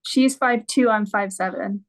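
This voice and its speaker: A woman's voice: mid-range voice, unhurried, no room sound. A woman client answering a medium's questions in short replies. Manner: brief answers, gets emotional.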